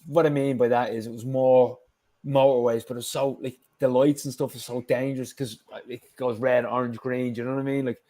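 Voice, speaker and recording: A man's voice: medium pitch, flat delivery, a little fast, dark tone. An Irish man, a guest on a show, telling a story in casual chat, with lots of fillers and the odd swear word.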